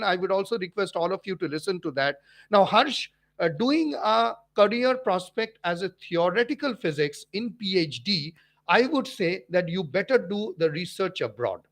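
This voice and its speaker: A man with an Indian English accent hosts a physics livestream, talking through viewers' questions in a high, light voice. He repeats himself for emphasis and often restarts mid-sentence, with plenty of "uh"s between points. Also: fairly bright tone. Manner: emphatic and repetitive, with frequent fillers and restarts. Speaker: physics teacher and channel host. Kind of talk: livestream talk answering viewer comments.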